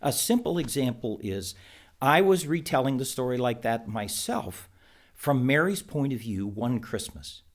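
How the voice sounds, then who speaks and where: A middle-aged man giving thoughtful, unhurried advice to preachers, pausing often with ums and restarts. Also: mid-range voice, lively intonation. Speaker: preaching teacher. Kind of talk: instructional talk to preachers.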